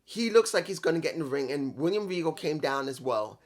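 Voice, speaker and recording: A man's voice: a little high, expressive, fairly quick. A man reviewing a wrestling show in a casual, rambling way, with some swearing and restarts.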